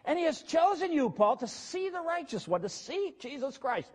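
A man's voice: very high voice, sing-song, moderate pace. A man preaching a conversational sermon as pastor, plain-spoken and casual, with asides to his congregation.

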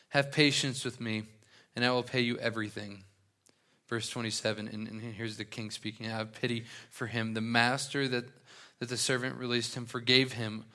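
A young male pastor working through a scripture passage, with quick jokes dropped between verses. His voice is bright and forward, and his pitch sits in a middle range. He talks in a relaxed, conversational way. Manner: casual, joking asides while reading scripture. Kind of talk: sermon with Bible reading.

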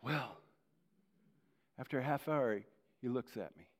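Telling a story about himself during a sermon, a pastor shifts animatedly between loud emphasis and quiet asides. His voice is mid-range and unhurried, echoing with the long reverb of a large hall.

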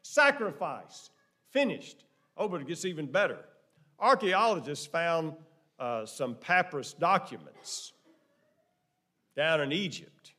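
A man preaching a sermon, dropping to hushed tones and rising to loud, emphatic exclamations with lots of repetition. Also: on the high side, lively intonation, unhurried, pauses often.

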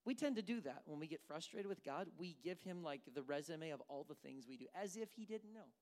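A preacher giving an animated, conversational sermon who acts out the characters. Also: medium pitch, fairly quick.

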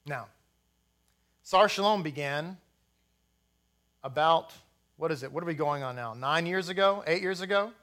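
A man's voice: on the high side, unhurried, long pauses, fairly bright tone. A man preaching a sermon as rabbi, blunt and rousing, with jokey asides to the congregation.

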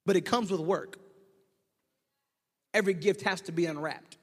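A male pastor preaching a sermon, telling a story and swinging from shouting to hushed tones. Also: high voice, normal speed, long pauses, husky. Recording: echoey hall.

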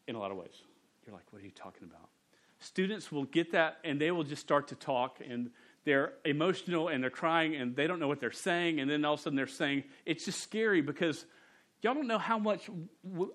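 A man, a pastor preaching a sermon in a church and telling stories in a relaxed, humorous way. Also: on the high side. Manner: conversational, humorous storytelling. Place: church sanctuary.

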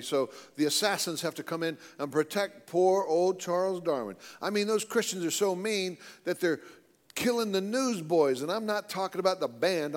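A man's voice: fairly high pitch, big-room sound. A man giving a live talk, mocking with sarcastic repetition.

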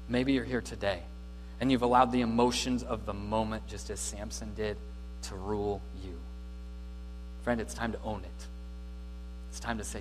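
Man preaching a lively sermon. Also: medium pitch, normal speed. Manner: dynamic preaching, swinging from loud to hushed. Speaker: pastor. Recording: reverberant hall with faint mains hum.

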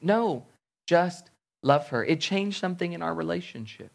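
A man preaching a sermon, animated, acting out little everyday scenes in different voices. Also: on the high side, normal speed, creaky. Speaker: pastor.

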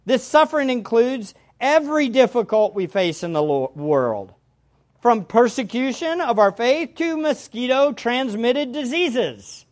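A woman preaching a sermon, teaching through a passage verse by verse and repeating key phrases for emphasis. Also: sits high.

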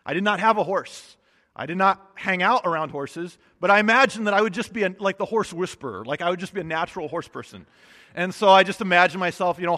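A man with a high voice preaches in a relaxed, conversational way, joking and restarting his phrases as he explains scripture. His voice rings with a long reverb, as if he is in a church hall. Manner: casual, chatty preaching with restarts and humor. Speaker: pastor. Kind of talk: sermon with Bible reading.

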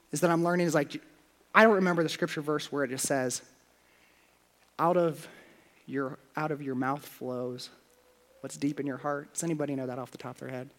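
A man preaching a sermon as pastor, confessional, going from hushed prayer to loud, playful asides. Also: a little high.

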